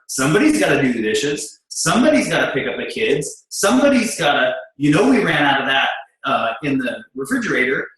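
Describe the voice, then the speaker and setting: Here the voice sits on the high side, caught in a very echoey, rough recording. It belongs to a middle-aged man telling an audience, bluntly and animatedly, about working in business with his wife, acting out what each of them said.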